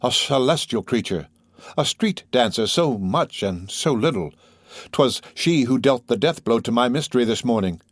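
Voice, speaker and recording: Guy reading aloud as a wordy young poet, flowery and gallant, mid pitch, dry close sound. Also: expressive, normal speed, dry recording, natural voice. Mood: dreamy musing.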